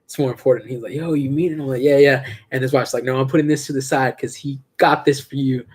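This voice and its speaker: A young man co-hosting a podcast, telling stories in a slangy, animated way. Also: medium pitch, slightly rough. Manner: fast, slangy, animated storyteller. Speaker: podcast co-host. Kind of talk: casual chat, storytelling.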